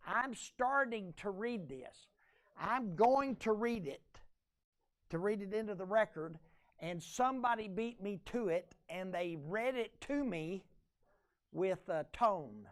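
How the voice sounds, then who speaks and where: A man's voice: sits high, lively intonation, takes it slowly. A male pastor, preaching a conversational sermon and drawing his congregation in with questions. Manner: folksy, conversational preaching with audience call-and-response.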